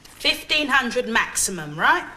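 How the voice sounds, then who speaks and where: A woman's voice: a little high, very animated, measured pace, noisy background. An actress playing a firm, teasing woman in a sitcom. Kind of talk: sitcom acting.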